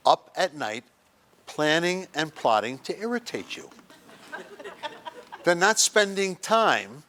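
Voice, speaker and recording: With a slightly high, fairly bright voice, a man presents a funny motivational workshop to a group at a senior center. He jokes throughout, acting out small scenes and quotes.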